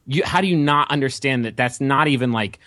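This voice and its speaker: A man guest on a podcast, rambling and animated, swearing and laughing as he gets worked up. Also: mid-range voice, brisk, dry recording, studio quality. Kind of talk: casual podcast chat.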